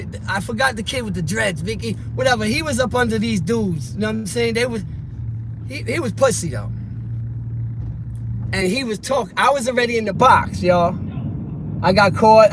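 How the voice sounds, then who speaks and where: A man telling a rambling, slangy street story that grows loud and heated. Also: high-pitched. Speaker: vlogger telling stories. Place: car and street in the city. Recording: loud traffic and street noise.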